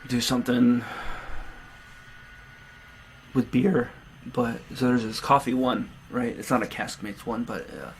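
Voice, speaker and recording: A man's voice: medium pitch, fairly even intonation, gravelly, poor audio. Man, host, teasing, mid voice, faint noise behind. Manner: teasing, quick. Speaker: podcast host. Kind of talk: casual chat.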